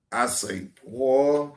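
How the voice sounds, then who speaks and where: A man hosting a reaction show in casual livestream talk, slangy and profane, repeating himself and swinging from loud hype to quiet asides. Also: mid-range voice.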